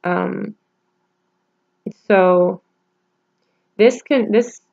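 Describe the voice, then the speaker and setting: A woman talking haltingly in a personal vlog, holding back tears, with many pauses and restarts. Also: mid-range voice, vocal fry, darkish tone, lo-fi sound. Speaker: vlogger.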